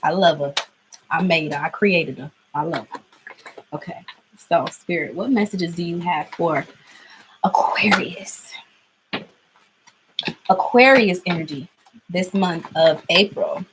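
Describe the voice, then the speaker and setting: A woman's voice: fairly low pitch, moderate pace, noisy background. A young adult woman chatting casually through a tarot reading, laughing often. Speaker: tarot reader.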